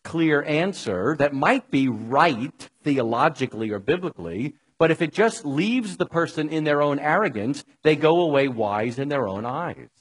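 A man delivers a conversational sermon, his voice husky and set a little high. He is wry and chatty, and he talks straight to his listeners. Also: animated, normal speed, hardly any pauses, poor audio. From New York. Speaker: preacher.

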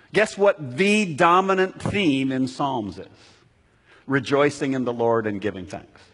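Preaching in a church sanctuary, this male pastor keeps putting questions to his congregation. He has a husky voice on the high side, and the sound has the long reverb of a large hall.

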